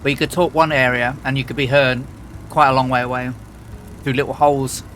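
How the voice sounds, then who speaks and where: A man's voice: mid-range voice, little pitch movement, brisk, a bit bright, slight background noise. A man from England, chatting casually as a livestream host, rambling with lots of fillers and restarts. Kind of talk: casual chat.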